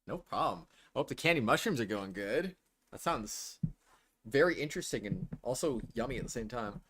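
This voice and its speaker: A man's voice: mid-range voice, expressive, normal speed, fairly bright tone, slightly rough. A man casually commenting while streaming a role-playing game, playful and chatting with viewers. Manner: playful, chatty, reacts to chat. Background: game music.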